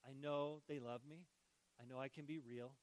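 A man preaching a sermon as pastor, swinging between hushed tender lines and loud, joking bursts. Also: medium pitch, normal speed, poor audio. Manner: animated, shifts between hushed and loud, jokes.

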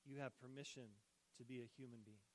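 A man preaching a sermon as pastor, swinging between hushed tender lines and loud, joking bursts. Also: medium pitch, fast talker, slight background noise, poor audio. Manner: animated, shifts between hushed and loud, jokes.

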